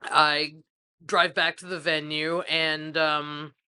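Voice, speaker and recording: A woman co-hosting a podcast, speaking hesitantly with many pauses and fillers. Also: low voice, little pitch movement, bright, forceful tone, clear, resonant tone. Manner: slow, hesitant, lots of ums. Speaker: podcast co-host. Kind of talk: casual chat.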